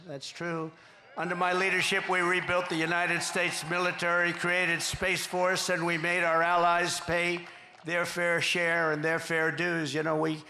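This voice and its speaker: A man delivers a campaign rally speech, boastful and rambling and circling back to the same lines again and again. His voice is gravelly and sits a bit high, with a bright, forceful edge. The sound is echoey and carries faint background noise. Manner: boastful, repetitive, rambling, quoting others in asides; shouting to a cheering crowd at times. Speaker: political candidate at a rally. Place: large rally venue.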